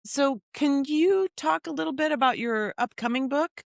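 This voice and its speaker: A woman's voice: high-pitched, moderate pace, gravelly, no room sound. Reflective woman podcast host, dry sound. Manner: thoughtful, reflective, builds on the guest's points. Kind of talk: casual interview chat.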